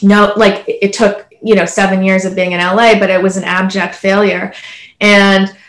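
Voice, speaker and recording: Canadian woman telling her story, flat. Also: medium pitch, normal speed, reverberant. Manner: earnest storytelling with frequent "like" and "you know". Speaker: panelist. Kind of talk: casual panel discussion.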